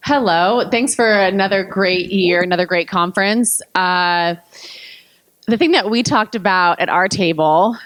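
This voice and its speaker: A woman's voice: medium pitch, a little slow, fairly bright tone, no room sound. A woman at a conference speaking candidly and earnestly about her table's discussion, often laughing. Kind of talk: candid public remarks. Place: conference room.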